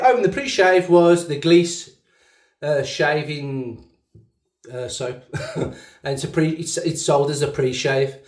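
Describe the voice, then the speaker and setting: A man's voice: on the high side, a little mellow. Rambling Black Country man, bathroom echo. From English West Midlands. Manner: rambling, chatty, self-mocking. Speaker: shaving channel host. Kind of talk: casual chat while shaving. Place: echoey bathroom at a sink. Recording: echoey bathroom sound.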